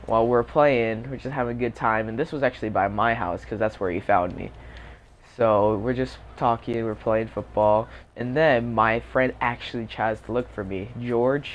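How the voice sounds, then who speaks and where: A young man casually telling a rambling storytime over gameplay, full of fillers and self-deprecating asides. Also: mid-range voice. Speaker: gaming YouTuber. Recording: dull lo-fi mic with faint noise.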